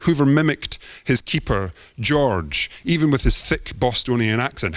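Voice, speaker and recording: A man's voice: mid-range voice, expressive, a little slow, few pauses, fairly bright tone, no echo. A man giving a theatrical, poetic performance talk as an artist on stage.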